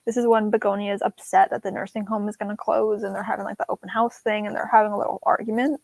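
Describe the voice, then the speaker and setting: A woman's voice: medium pitch, flat delivery, fast, creaky, a little mellow, no room sound. A young woman co-hosting a casual livestream book discussion, giggly and fond of reading passages aloud in voices. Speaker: book club co-host.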